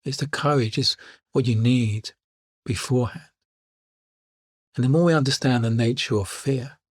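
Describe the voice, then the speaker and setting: A man who coaches people speaks in a calm, reflective way and comes back to his main points. His voice has a slightly husky grain at a middle pitch. The recording is close and dry, with no room sound. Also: dry recording. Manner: calm storytelling, repeats key lines. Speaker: life coach. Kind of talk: reflective podcast monologue.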